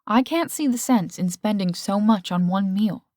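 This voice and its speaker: A woman's voice: medium pitch, expressive, moderate pace, a little mellow, no echo, studio quality, close to an everyday voice. A woman voicing an affectionate, practical middle-aged mother in an audiobook.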